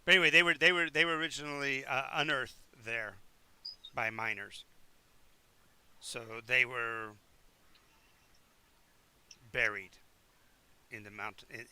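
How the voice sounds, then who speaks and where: A man narrating as game master of a tabletop game on a live stream, explaining the world in a halting way with many restarts. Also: medium pitch, bright, forceful tone, slight background noise. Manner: halting, with many restarts and fillers while checking the map.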